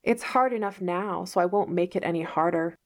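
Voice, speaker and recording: A woman's voice: on the low side, fairly quick, close to an everyday voice. A woman reading aloud as a dramatic, imaginative orphan girl, with a theatrical, pleading manner. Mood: wistful. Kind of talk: read-aloud novel dialogue.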